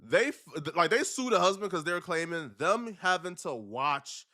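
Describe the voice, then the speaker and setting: Male commentary narrator, bright and forceful tone, casual delivery. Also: high voice, lively intonation, moderate pace. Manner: conversational, reads out claims with commentary. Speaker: video narrator. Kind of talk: casual commentary on a court case.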